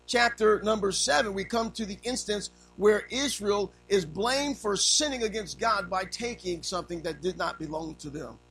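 A man preaching a sermon to fathers and families, swinging from low, quiet lines to raised cries. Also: poor audio. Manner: preaching with sweeping pitch swings, rising to cries. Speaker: pastor.

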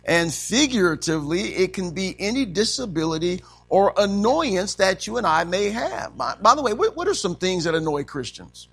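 A man's voice: sits high, very animated, moderate pace, vocal fry, hardly any pauses, a bit bright, breathy edge. A man preaching a sermon as pastor, asking the congregation questions and punctuating with frequent amens.

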